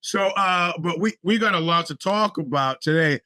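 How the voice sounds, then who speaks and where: A man hosts his own podcast in loose, rambling talk full of wry, profane asides. His voice sits high and bright, and his speech is a little thick from a bitten tongue. The close mic sounds dry. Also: normal speed, no echo. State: talking a bit funny from a bitten tongue. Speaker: podcast host. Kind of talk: casual solo podcast talk.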